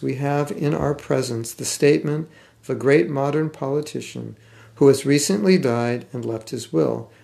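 An older American man with a General American accent giving a scripture class, speaking thoughtfully with some halting restarts and reading passages aloud. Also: mid-range voice, creaky, a little mellow. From United States. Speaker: spiritual teacher. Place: class room.

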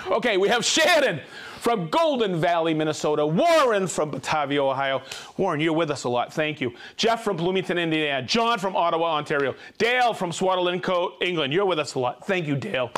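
A man's voice: on the high side, sing-song, a little fast, a bit bright. A man hosting a live stream, cheerfully reading out viewers' names and hometowns, joking and stumbling over hard names. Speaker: host of a live tool stream. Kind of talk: reading out viewer shout-outs.

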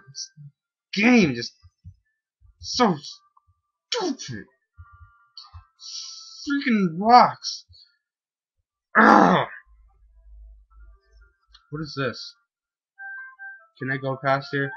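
Husky excitable young gamer guy. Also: sits high, extremely slow, long pauses, dull audio, faint music behind. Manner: excitable, whoops and yells at the game. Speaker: gamer playing a video game. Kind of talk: let's-play commentary.

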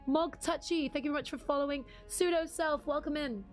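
High-voiced giggly woman streamer. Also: fairly even intonation, a little fast, soft background music. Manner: chatty, giggly, reads chat names aloud. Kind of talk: casual live-stream chat.

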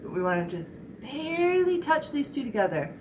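A woman teaching a children's speech lesson, demonstrating sounds slowly and encouraging the listener. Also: sits high, big pitch swings, darkish tone, slight background noise, low-quality recording.

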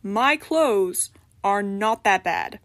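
A woman's voice: mid-range voice, expressive, drawn-out words, fairly bright tone, no room sound, studio quality, full character voice. A woman voicing a casual, exasperated young man whose body has been taken over, in a storybook reading. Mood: defensive.

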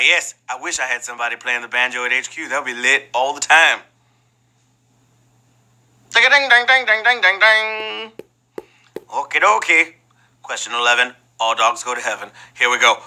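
A man's voice: mid-range voice, sharp tone, poor audio. A man hosting a live trivia game show, playful and joking between questions and exclaiming often.

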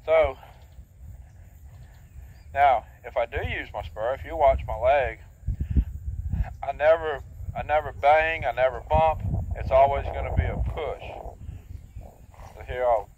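A man training a horse while riding in an outdoor arena, explaining his technique in a plain, steady, practical way. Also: medium pitch, slow, pauses often, slight background noise. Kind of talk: instructional talk while riding. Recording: thin phone-like outdoor audio.

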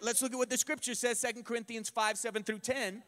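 A male pastor preaching a sermon, emphatic and building to shouts. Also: very high-pitched, fairly even intonation, fast, hardly any pauses. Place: church sanctuary. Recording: long reverb of a church hall.

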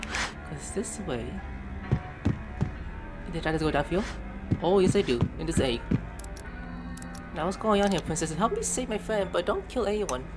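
A man's voice: sits high, very animated, moderate pace, long pauses. A man giving casual let's-play commentary, reading on-screen text aloud, spelling out words letter by letter, and swearing when surprised. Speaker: gameplay streamer. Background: game music.

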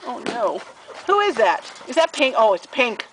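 A woman talks slowly through a home video of puppies, her high voice swooping up into sing-song baby talk. She is outdoors by a dog run, with puppies whining close by. The recording is noisy throughout. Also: big pitch swings. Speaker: dog owner filming puppies. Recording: home video with loud background noise. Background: puppies whining and barking.

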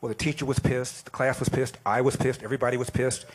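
A man in his sixties giving an animated, plain-spoken storytelling speech. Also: medium pitch, fast talker, husky. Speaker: speaker at an event.

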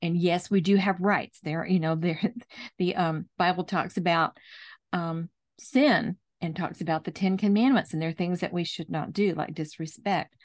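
Calm woman explaining faith. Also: on the low side, normal speed. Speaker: host, Christian speaker. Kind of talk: teaching chat.

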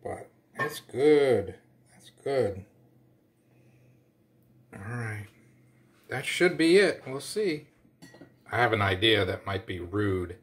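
A man's voice: lowish voice, slow, long pauses, fairly bright tone. Folksy man chatting about his cooking. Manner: chatty, folksy, self-deprecating. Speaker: cooking vlogger. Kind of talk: casual cooking vlog chat.

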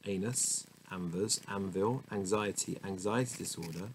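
A deep-voiced man reads dictionary entries aloud one at a time at a moderate pace, tripping over pronunciations and muttering asides to himself. The rough recording carries faint background noise.

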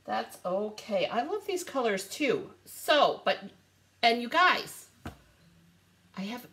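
A woman hosting a casual live stream, chatting bubbly and greeting viewers by name while showing craft supplies. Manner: lively rising and falling pitch.

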